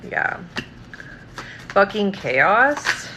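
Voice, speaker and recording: A woman's voice: mid-range voice, sing-song, drawn-out words, noisy background. Scattered, swearing livestream tarot reader, a woman. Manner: scattered, swears freely, frequent ums and likes. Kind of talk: casual livestream reading.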